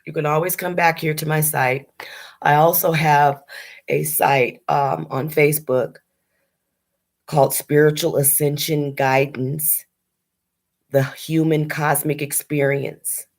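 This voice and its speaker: A woman speaking as a spiritual medium in a heartfelt video message, earnest and halting, holding back tears. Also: deep voice, flat delivery. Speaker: spiritual medium addressing viewers.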